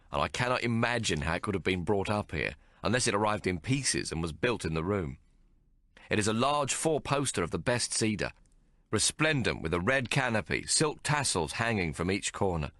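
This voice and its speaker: A man narrating an audiobook in the first person, measured and descriptive. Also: fairly low pitch, a bit bright, no echo, clean studio sound.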